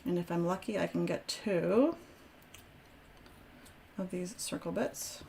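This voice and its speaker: A woman's voice: fairly low pitch, slow pace, gravelly, background noise. A woman hosting a live crafting stream, chatting casually and self-deprecatingly as she works aloud. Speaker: crafting host.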